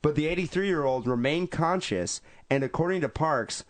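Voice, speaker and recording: A man's voice: a little high, expressive, moderate pace. A man co-hosting a podcast who retells a news story in an irreverent, joking way. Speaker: podcast co-host.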